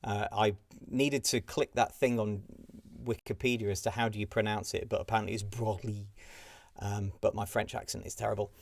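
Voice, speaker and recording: A man's voice: on the low side, fairly even intonation, brisk, gravelly, no room sound. A man hosting a live-streamed pub quiz, talking casually through the answers and chuckling now and then. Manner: chatty, giggles at pictures, frequent fillers.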